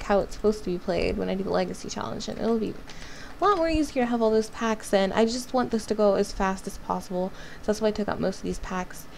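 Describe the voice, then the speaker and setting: A woman's voice: medium pitch, vocal fry, a little mellow, slight background noise. A woman hosting a life-sim game video, chatting casually and talking to her characters as she plays. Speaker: gaming channel host. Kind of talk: casual let's-play commentary.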